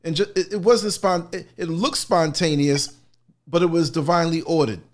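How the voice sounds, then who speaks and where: A man with a somewhat high voice hosts a live call-in show. He talks eagerly, often restarting his sentences as he goes. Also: normal speed. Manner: enthusiastic, stumbling restarts. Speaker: host.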